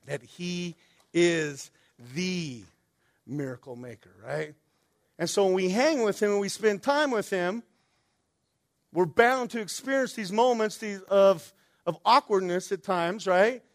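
A man with a notably high speaking voice delivers a relaxed, conversational sermon. He keeps checking in with his listeners with quick "right?" tags and questions to the congregation. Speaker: pastor.

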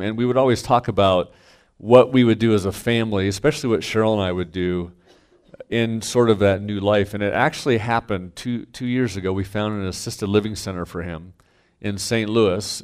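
A middle-aged man, a pastor, telling a candid family story to a congregation, self-mocking and swinging from quiet asides to loud punchlines. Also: on the low side, clean tone. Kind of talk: storytelling sermon.

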